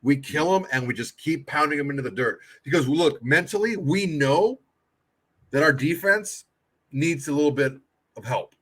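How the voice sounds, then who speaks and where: A man's voice: on the high side, animated, moderate pace, fairly bright tone, husky. A man co-hosting a casual sports podcast, blunt and emphatic, swearing heavily. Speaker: podcast co-host.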